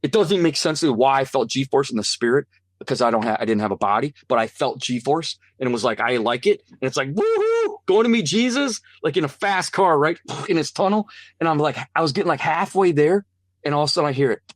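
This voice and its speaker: A fairly high-voiced man tells his own story as a guest, earnest and animated, slipping into the voices of the people in it. The sound is dry and close, with no room echo. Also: fast talker. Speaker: interview guest. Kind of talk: personal testimony storytelling.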